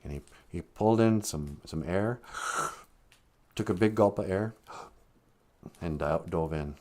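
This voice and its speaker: A man telling a traditional story in a relaxed, conversational way, with dramatic drops in volume. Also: deep voice, measured pace, pauses often. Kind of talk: live-streamed oral storytelling.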